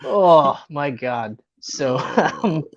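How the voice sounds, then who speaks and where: An excitable woman co-hosts a casual movie podcast, swearing freely and breaking into laughter. Her pitch leaps around in lively swings. The audio is dull and lo-fi. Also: extremely slow. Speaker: podcast co-host. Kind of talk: casual movie review chat.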